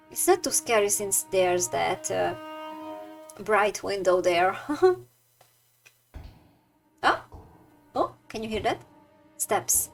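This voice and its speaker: A woman's voice: medium pitch, expressive, slow pace, creaky, long pauses, faint music behind. A woman streaming a game, reading its text aloud with chatty asides, her voice strained and tired. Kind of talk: let's play commentary.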